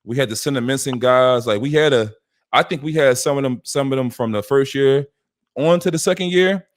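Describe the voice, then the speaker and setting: Man telling a lively story. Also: medium pitch, fairly quick. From West Philadelphia. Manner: acts out quoted dialogue with shifting voices. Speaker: podcast host. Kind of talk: animated storytelling.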